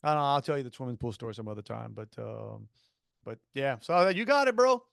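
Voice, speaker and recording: A man's voice: medium pitch, expressive, quick pace, creaky, a bit bright, dry recording, clean studio sound. A man co-hosting a podcast in casual chat, rambling and jokey, often restarting his sentences. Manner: rambling, self-interrupting, jokey. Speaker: podcast co-host.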